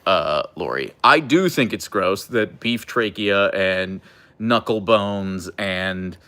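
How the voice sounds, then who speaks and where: A man hosting a casual livestream, playfully talking to his husky and reading chat, his pitch jumping up when he baby-talks the dog. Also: animated, takes it slowly, bright, forceful tone. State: sleep-deprived. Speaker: livestream host with pet huskies.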